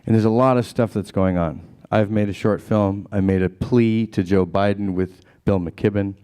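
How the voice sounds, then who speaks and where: A man with a low, warm, mellow voice speaks to a live audience. He is earnest and plain, laying out his account in an unhurried way. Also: fairly even intonation, clear, resonant tone. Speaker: documentary filmmaker. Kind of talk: storytelling at a live gathering.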